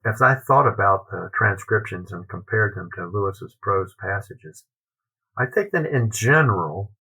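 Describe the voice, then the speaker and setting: A man tells a research story as a podcast guest, lively and fond of playing out the lines of others. His voice sits a little low but has a bright, forward edge, with a husky grain. He speaks as a literary scholar, relaxed and anecdotal. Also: unhurried, poor audio. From United States. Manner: animated, anecdotal, acts out quotes.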